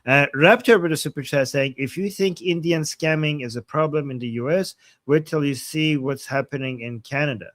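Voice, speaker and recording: Host, male, fairly high voice, upbeat livestream reader, dry close sound. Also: fairly bright tone, no echo. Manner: upbeat, quick acknowledgments, many restarts. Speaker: host reading super chats. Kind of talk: casual livestream chat.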